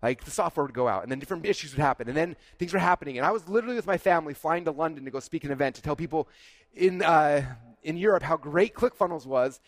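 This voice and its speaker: Male keynote speaker, quick and animated storyteller with a slightly high voice and a dry sound. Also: dry recording. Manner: animated, acts out dialogue, frequent "like". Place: conference stage.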